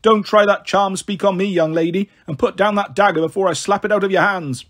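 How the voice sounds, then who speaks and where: A man voicing a fussy, pompous male statue god who scolds in a shrill teacher voice. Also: fairly even intonation, fairly quick, a bit bright. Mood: scolding.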